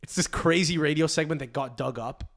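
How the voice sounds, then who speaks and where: Male podcast host, fairly high voice, crude rambling rant. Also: brisk, fairly bright tone. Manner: crude, rambling, restarts a lot. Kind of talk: casual rant.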